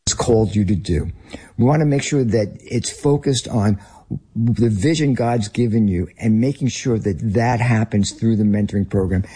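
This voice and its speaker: A man's voice: fairly low pitch, moderate pace, dark tone, breathy edge. A man with a Northern US accent, a ministry leader and guest, telling an earnest story in conversation. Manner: earnest anecdotal, some restarts.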